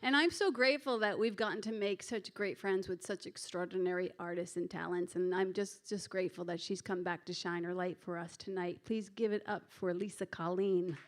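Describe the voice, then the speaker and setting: A woman's voice: on the low side, fairly even intonation, a little fast, hardly any pauses. A woman with a New Jersey accent hosting a live storytelling show, gushing and swearing as she acts out quotes with her guests. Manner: effusive, swearing, laughing, acting out quotes. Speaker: host introducing a storyteller. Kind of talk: live stage introduction.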